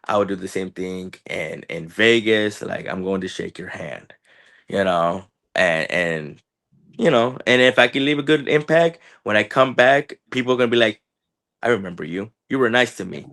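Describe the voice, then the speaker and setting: A man in his thirties, a wrestler guest, telling stories in an animated way and acting out what people said to him. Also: on the low side, normal speed, creaky. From Chicago area. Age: 30s. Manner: animated storyteller, acts out quotes, repeats words. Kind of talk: casual interview talk.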